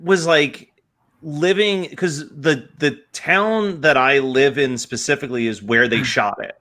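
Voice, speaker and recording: A man's voice: on the high side, a little slow, sharp tone. A young man with a Pennsylvania accent, co-hosting a casual chat and telling stories with a lot of laughing. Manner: laughing, rambling storyteller. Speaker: podcast co-host.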